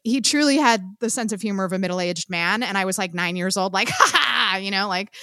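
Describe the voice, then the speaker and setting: This podcast co-host, a woman with a mid-range voice, speaks fairly quickly in clean studio audio with no echo. Her casual chat is lively, full of laughter and free swearing.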